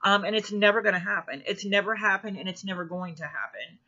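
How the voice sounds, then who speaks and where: A woman telling a personal story in a halting way, with many ums and restarts. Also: medium pitch, pushed and bright. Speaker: spiritual vlogger. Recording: dull lo-fi recording.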